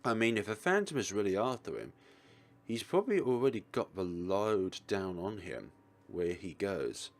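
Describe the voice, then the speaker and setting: A man's voice: fairly low pitch, very animated, moderate pace. A man hosting a let's play, reading a visual novel in first person and voicing the protagonist with a dry, wry manner.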